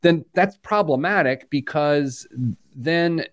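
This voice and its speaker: A man's voice: on the high side, slow. A man from Indiana hosting a money podcast, talking in loose, jokey banter, rambling through stories and laughing at his own jokes. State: wired on caffeine. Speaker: podcast host, financial planner. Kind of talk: casual banter on a money show.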